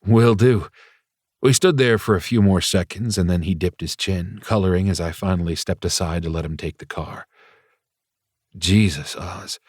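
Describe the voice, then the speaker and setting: Male audiobook narrator, deep and wry, confiding first-person read, dry booth sound. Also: a little mellow, no room sound. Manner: wry, confiding inner monologue.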